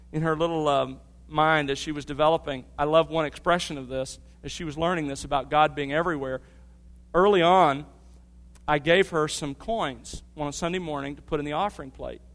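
In a church sanctuary with a long hall reverb, a middle-aged pastor preaches earnestly, teaching and sharing family stories. His voice is on the high side and fairly bright, with fairly even intonation at normal speed.

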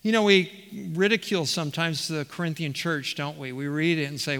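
A man's voice: on the high side, fairly even intonation, normal speed, few pauses, fairly bright tone, clean tone. A man preaching a verse-by-verse sermon as the pastor, reading passages aloud and often restarting his phrases. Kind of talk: expository sermon. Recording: reverberant hall.

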